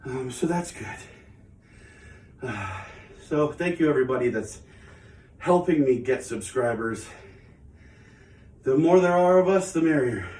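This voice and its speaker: A man's voice: medium pitch, expressive, unhurried, pauses often, darkish tone, distant mic, slight background noise. A man hosting his own channel, chatting casually and rambling while out of breath from exercise. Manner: chatty, rambling, self-mocking. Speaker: channel host. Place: home studio. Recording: echoey room, away from the mic.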